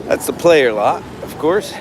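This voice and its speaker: A man's voice: a little high, animated, a little slow. A man hosting a walking livestream. He talks brashly, rants and boasts. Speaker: livestream host. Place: outdoors around a stadium. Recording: noisy outdoor street sound.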